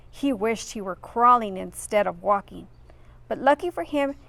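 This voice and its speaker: A woman's voice: fairly high pitch, vocal fry. A woman reading a children's picture book aloud expressively, adding friendly asides for her listeners. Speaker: reader.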